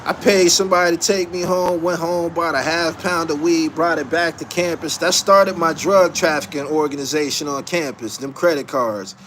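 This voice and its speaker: Speaking at an ordinary speed with few pauses, this male podcast host spins a loose, foul-mouthed story and keeps cracking up. He shifts between mumbling low and yelping high with excitement, and a faint hiss or hum runs under the recording.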